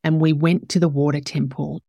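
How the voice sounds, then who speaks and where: A woman's voice: low-pitched, level tone, normal speed, vocal fry, mellow, no room sound, studio quality. A woman hosting a podcast, telling a personal story in an emotional, candid way and growing teary as she talks. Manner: emotional, tearful at moments, candid with swearing. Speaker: podcast host.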